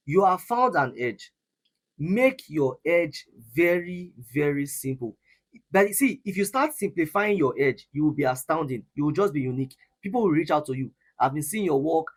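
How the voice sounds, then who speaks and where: A Nigerian man in his younger years leads a live trading lesson. His voice is husky and sits a little high, and he drives his points home by repeating phrases and restarting sentences. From Nigeria, Edo State. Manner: repetitive, emphatic, restarts often. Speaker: forex trading mentor. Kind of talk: live trading session teaching.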